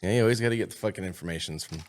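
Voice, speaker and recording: A man's voice: sits low, very fast. A young man co-hosting a casual podcast, mostly giving short replies and dry jokes. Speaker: podcast co-host.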